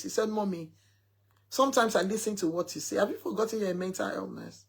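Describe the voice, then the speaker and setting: Her husky, medium-pitched voice carries vocal fry and a quick pace as this mother chats with followers. She tells an emphatic story, quoting her son extensively.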